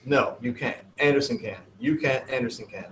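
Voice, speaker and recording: A man's voice: medium pitch, a little fast, fairly bright tone, echoey room, slight background noise, poor audio. A man teaching a class in a casual, digressive, joking way. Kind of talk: classroom lesson.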